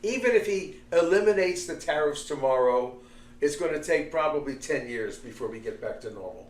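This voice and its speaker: A man's voice: on the high side, expressive, a little fast, echoey room, far from the mic. A man co-hosting a podcast, voicing strong opinions and stumbling over repeated words. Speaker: podcast co-host. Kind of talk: casual political chat.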